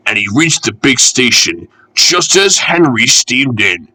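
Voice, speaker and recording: A man reading a children's railway storybook aloud in an expressive, measured way. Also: medium pitch, no echo.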